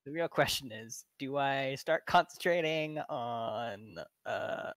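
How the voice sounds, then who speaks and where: A man's voice: medium pitch, slow, a bit bright, no echo. A man playing in a tabletop game, pointing out rules and spell details. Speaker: player. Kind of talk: casual tabletop game chat.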